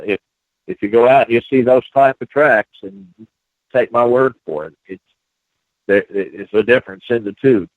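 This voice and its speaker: A man who is a guest researcher in a phone-in radio interview, talking haltingly with many restarts and fillers. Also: medium pitch, no echo. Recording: dry, tinny phone line.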